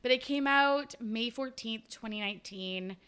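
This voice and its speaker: A woman's voice: a little high, moderate pace, a bit bright, smooth. A woman hosting a book podcast, chatty and casual, recapping a novel with a laugh and the odd swear. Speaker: podcast host.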